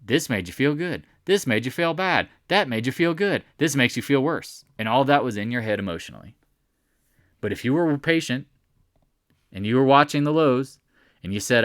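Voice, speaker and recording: A man's voice: mid-range voice, sing-song, normal speed, fairly bright tone, no echo, clean studio sound. A man hosting a casual daily stock market recap, joking and sarcastically mocking imagined viewers. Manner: sarcastic, mocks imagined viewers in put-on voices. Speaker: stock market video host.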